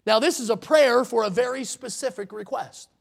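A man preaching a sermon, reading scripture slowly and with emphasis, then applying it to his listeners. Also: extremely high pitch, creaky.

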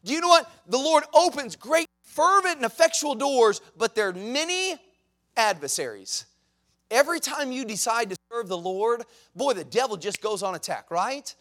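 Male pastor, high voice, lively storytelling sermon. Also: moderate pace. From United States. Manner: animated, conversational, acts out quotes. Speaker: pastor and missionary.

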